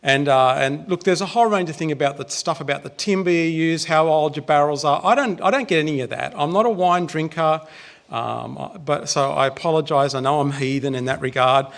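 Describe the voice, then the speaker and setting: An Australian man gives a relaxed sermon in a church, talking straight to the congregation and trading jokes with them. His voice sits high and has a gravelly edge. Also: fairly quick. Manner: chatty, joking with the congregation. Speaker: preacher. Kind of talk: casual sermon.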